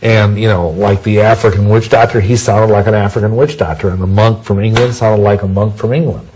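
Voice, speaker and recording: A man's voice: on the low side, steady tone, brisk, noisy background. A man giving an interview, talking in a rambling, conversational way with many restarts and homely sayings. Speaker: interview guest.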